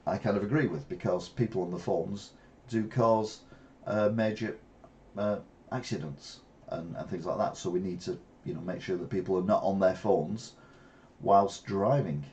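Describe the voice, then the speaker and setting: Older man, low mellow voice. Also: moderate pace, dull audio. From England. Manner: chatty, rambling, with wry asides. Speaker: channel host. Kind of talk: casual news commentary.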